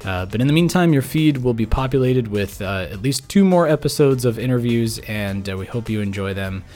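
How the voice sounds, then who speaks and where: Over soft background music, a worn-out podcast host wraps up his show in a rambling, casual way, mumbling at times and full of fillers and restarts. His mid-range voice is animated, a little fast, and slightly mellow.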